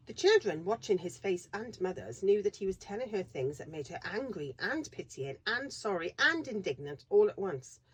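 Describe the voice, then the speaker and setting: A woman reading a classic children's novel aloud in a steady, expressive narration. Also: mid-range voice, slightly rough. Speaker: reader. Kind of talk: storybook read-aloud narration.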